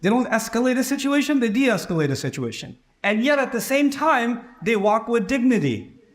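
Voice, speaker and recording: A man's voice: very high-pitched, big pitch swings, moderate pace. A man preaching a sermon in a conversational way, acting out the people in his stories. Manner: conversational, acts out quoted dialogue.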